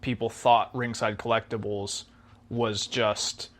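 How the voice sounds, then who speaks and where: A man's voice: fairly low pitch, flat delivery, slow pace. A young man co-hosting a casual podcast, who explains things at length and hedges with fillers. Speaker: podcast co-host.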